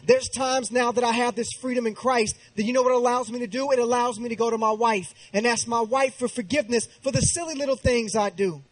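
A man in his thirties preaching a sermon with passion, dropping to a hushed tone when he tells a personal story. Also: very high-pitched, steady tone, a little fast, few pauses, poor audio.

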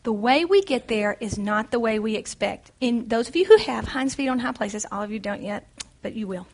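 A woman's voice: fairly high pitch, moderate pace, darkish tone. A woman leading a Bible study, speaking in an earnest, encouraging, conversational way.

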